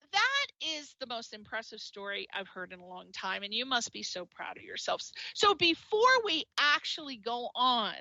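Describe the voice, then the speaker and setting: A woman's voice: fairly high pitch, sharp tone, no echo, dull audio. A woman hosting a radio interview, gushing and exclamatory as she introduces and chats with her guest. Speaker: radio show host.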